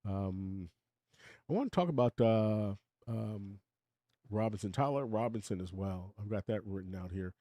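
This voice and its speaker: Older man, live stream host, rambling opinionated chat, mellow dark voice, dry close sound. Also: fairly low pitch, expressive, measured pace, no echo. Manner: rambling, opinionated, chuckles often, talks to chat. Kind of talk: casual live-stream monologue.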